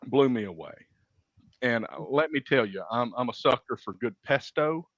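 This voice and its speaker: A man's voice: medium pitch, lively intonation, moderate pace, a bit bright, no echo. A man co-hosting a casual chat show, telling stories at length with many fillers and restarts. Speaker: podcast co-host. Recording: dull, muffled lo-fi sound.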